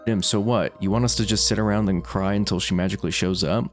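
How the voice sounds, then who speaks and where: A man's voice: on the low side, steady tone, quick pace, faint music behind, natural voice. A man reading the lines of a blunt, impatient teenage boy in a visual novel.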